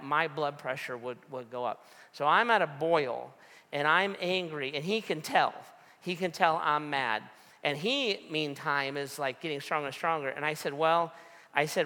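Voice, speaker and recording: A man, a pastor, telling a story from the pulpit in a sermon, acting out the dialogue with lively energy. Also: on the high side, normal speed. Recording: long reverb of a large hall.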